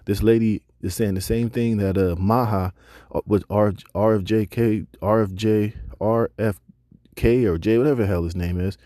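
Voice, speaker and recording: A man's voice: lowish voice, fairly even intonation, normal speed, warm tone, dry recording. A man teaching a Bible lesson, reading scripture and then preaching emphatically with casual slang asides.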